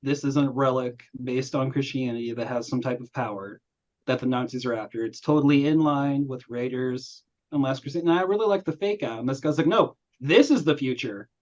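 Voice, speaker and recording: Speaking a little fast in a mid-range voice, a young male host talks films in a casual, storytelling way. He acts out quoted voices with animation, though the audio sounds dull and lo-fi.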